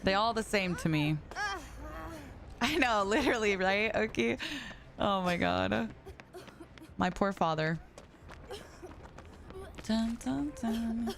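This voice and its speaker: A woman's voice: mid-range voice, lively intonation, a little slow, creaky, long pauses. A young woman live streaming as she plays a game, chatting casually with her viewers, swearing and laughing often. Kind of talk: casual live-stream chat while gaming. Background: music.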